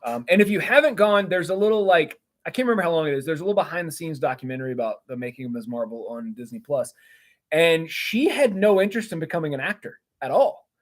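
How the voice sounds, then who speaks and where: Higher-voiced man, eager casual chat. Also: animated, fast. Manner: enthusiastic, rambling with fillers and repeated starts. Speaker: co-host.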